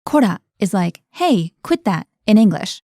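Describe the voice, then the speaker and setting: A woman leads a scripted language lesson at a measured pace, her warm, mellow, medium-pitched voice very animated. Clear explanations and guiding questions keep it moving, recorded close-miked and dry with no room sound.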